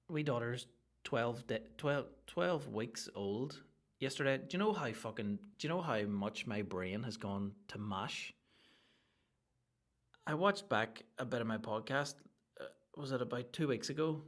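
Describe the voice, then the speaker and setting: A man hosting a solo comedy podcast, rambling in an excitable, crude rant full of restarts. His voice sits at an ordinary middle pitch for a man. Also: a little slow. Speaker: podcast host.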